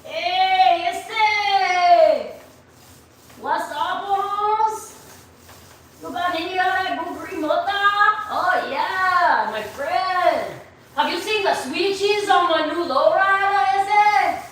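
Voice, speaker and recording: A woman doing a swaggering lowrider guy. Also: very slow, a bit bright, a little hiss or hum, heavily acted. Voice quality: slangy, drawling, boastful. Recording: echoey room from far off.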